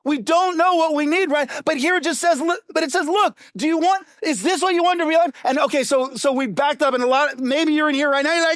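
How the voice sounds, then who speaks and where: A middle-aged male pastor preaching a sermon in a punchy, conversational way, full of rhetorical questions and quick asides. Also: extremely high pitch, fairly bright tone, dry recording, studio quality. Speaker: lead pastor.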